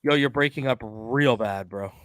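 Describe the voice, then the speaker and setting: A man's voice: medium pitch, normal speed, fairly bright tone, clean tone, no echo. A man hosting a sports podcast in a laid-back, slangy way. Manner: laid-back, uses "bro" and "dude". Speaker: podcast host. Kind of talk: casual podcast chat.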